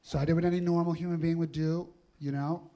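A man's voice: a little high, flat delivery, fast talker, warm tone. A man doing a live stand-up comedy set on a club stage, telling stories wryly and acting out the questions people ask him. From New York. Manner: wry, storytelling, acts out other people's questions.

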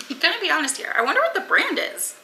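A woman's voice: very high-pitched, big pitch swings, quick pace, pushed and bright, slight background noise, rough recording. A young woman, a booktuber rambling casually to camera with lots of filler words. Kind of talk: casual unboxing chat to camera.

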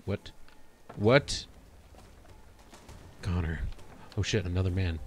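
Deep-voiced, goofy male game streamer. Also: a little mellow, a little hiss or hum. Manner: goofy, self-talking, laughs at his own jokes. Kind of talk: casual gameplay commentary.

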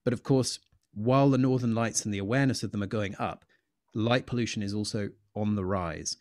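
Lowish, brisk and darkish in tone, this astronomer's voice comes through a dry, studio-quality recording. As a guest in a live Q&A, he answers enthusiastically, weaving in stories and plenty of fillers.

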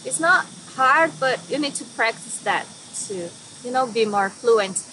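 A woman from Brazil teaching a language lesson, saying example words slowly and carefully and then explaining them. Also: a little high, expressive, bright, forceful tone, slight background noise.

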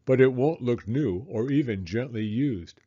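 Father turtle, calm, measured, mellow, man reading. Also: mid-range voice, no echo, highs cut off.

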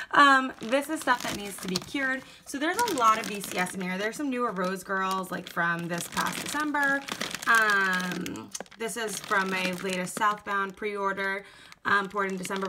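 A woman's voice: medium pitch, background noise. A young woman talking casually in a vlog, rambling and chatty with lots of fillers, a little out of breath. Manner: rambling, chatty, filler-heavy, self-deprecating. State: slightly out of breath. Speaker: wax collection vlogger. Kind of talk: casual chat.

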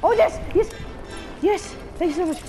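A woman's voice: very high voice, normal speed, loud music behind the voice. A woman giving frantic live gameplay commentary as a gaming channel host, repeating her pleas again and again. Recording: loud game gunfire under the voice. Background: gunshots and game sound effects.

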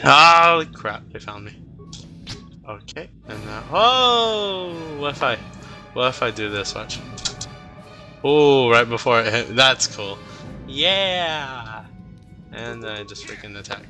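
A nineteen-year-old man narrating his gameplay in an unhurried, goofy way. His voice is bright and sits a little high, and faint music plays under it. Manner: goofy, talks to himself, cheers and groans. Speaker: let's play gamer. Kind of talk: casual gameplay commentary.

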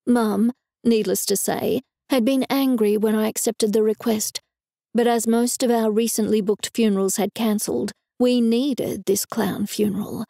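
Woman narrator for a cozy mystery, wry and dry, slightly high, gravelly, mellow tone, dry close mic. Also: fairly even intonation, unhurried, dry recording. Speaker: audiobook narrator. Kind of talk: first-person novel narration.

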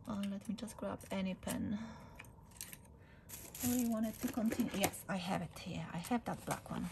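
A woman's voice: mid-range voice, unhurried, vocal fry, noisy background. A woman hosting her craft channel, chatting casually and gushing about a handmade card she received. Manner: gushing, repeats "I love". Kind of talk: casual chat opening mail.

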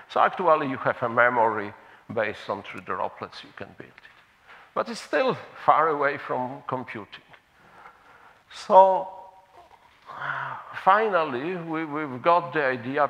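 Man, conference lecturer, gravelly voice, hesitant restarts, muffled hall recording. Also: mid-range voice, fairly bright tone. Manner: halting, restarts words, explains slides and a video. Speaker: conference speaker. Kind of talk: scientific conference talk.

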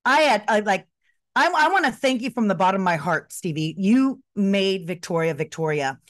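A middle-aged woman speaks with heartfelt, emotional warmth, her voice sitting in a middle range. The sound is dry and close to the mic. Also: medium pitch, animated, normal speed, no echo. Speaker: co-host, former wrestler. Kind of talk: casual chat.

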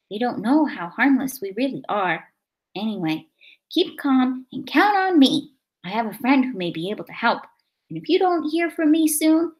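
A woman's voice: fairly high pitch, darkish tone, close to an everyday voice. A woman voicing an anxious but brave young male dragon, speaking urgently and breathlessly in a storybook reading.

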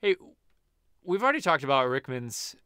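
A young man co-hosting a casual movie podcast, animated and jokey. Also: mid-range voice, normal speed, smooth, no echo, studio quality. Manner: animated, jokey, breaks into impressions. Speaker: podcast co-host. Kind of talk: casual chat.

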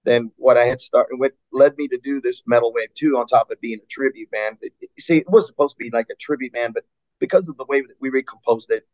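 A man and metal singer chatting in an interview, telling stories with lively acted-out quotes and frequent laughs. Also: medium pitch, quick pace, no room sound, dull audio. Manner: animated storyteller, acts out fans' voices, laughs often. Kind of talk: casual interview chat.

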